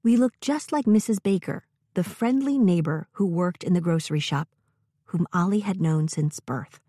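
A woman reading a story aloud in a gentle, measured way, as a narrator. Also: on the low side, no echo, clean studio sound.

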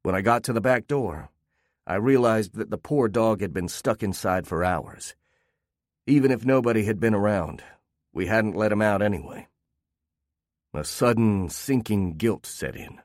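Low-voiced man narrating a story. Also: unhurried, no room sound, studio quality. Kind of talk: first-person story narration.

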